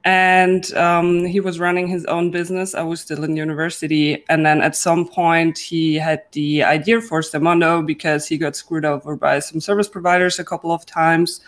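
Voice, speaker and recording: A woman's voice: deep voice, flat delivery, normal speed, few pauses. A young woman, a guest entrepreneur, telling her story in a casual, chatty way with many fillers. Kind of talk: casual panel chat.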